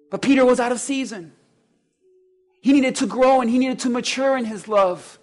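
A male pastor delivering a sermon in a high voice, animated and climbing to loud exclamations in acted asides. Faint music plays softly behind him. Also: normal speed.

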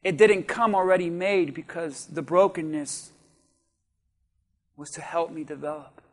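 A man preaching a sermon as a pastor, building with repeated phrases and rising to shouts. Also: fairly high pitch, fairly even intonation, a little slow. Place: church.

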